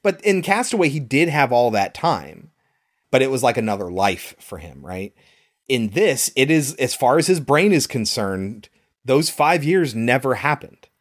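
A man's voice: mid-range voice, big pitch swings, unhurried. A man co-hosting a casual podcast about a film, explaining scenes conversationally. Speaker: podcast co-host.

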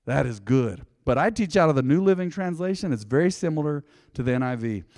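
A man's voice: a little high, lively intonation, fairly quick, a little mellow. Man teaching in a reverberant church. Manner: conversational, emphatic preaching. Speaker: pastor. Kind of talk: teaching a Bible study. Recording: long hall reverb.

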